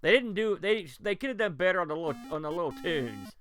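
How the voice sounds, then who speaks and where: Man hosting a retro game stream, animated delivery, bright tone, excitable reactions to play. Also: high voice, quick pace. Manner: excitable, reacts loudly to gameplay and talks to chat. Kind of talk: live game-stream commentary.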